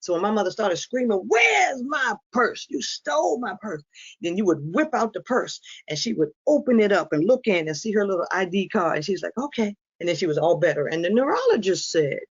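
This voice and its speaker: A woman addresses an audience in a frank, humorous presenting style, telling stories and acting out what people said. Her delivery is lively and conversational. The recording is dull and lo-fi, like a captured live talk. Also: lowish voice, fast, few pauses, slightly rough. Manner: lively storyteller who acts out quoted lines. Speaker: inspirational speaker on dementia caregiving.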